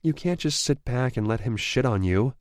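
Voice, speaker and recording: A man's voice: medium pitch, lively intonation, normal speed, darkish tone, no room sound, studio quality, pitched above the performer's own voice, natural voice. A man voicing a fiery, worried young woman. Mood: angry. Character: adult woman, worried and fiery, swears when angry.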